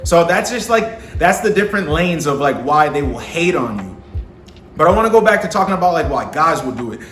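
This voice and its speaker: A man's voice: a little high, very animated, a little fast, fairly bright tone. Slangy young man, roomy echo. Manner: slangy, profane, keeps asking "you understand?". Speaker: vlogger giving dating advice to men. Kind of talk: casual monologue to camera. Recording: echoey room with faint music.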